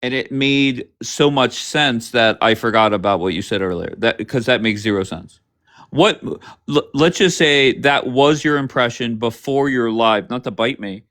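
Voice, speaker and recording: A man hosting a livestream, bluntly grilling his guests with rapid questions and frequent swearing. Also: mid-range voice, expressive, a bit bright. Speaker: livestream host. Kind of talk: confrontational livestream chat.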